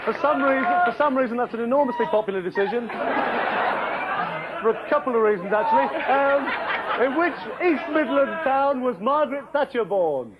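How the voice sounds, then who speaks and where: A man's voice: extremely high pitch, expressive, normal speed, a loud crowd. A man playing a flustered, apologetic game show host who keeps giggling in a comedy sketch. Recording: dull recording with loud studio audience and noise.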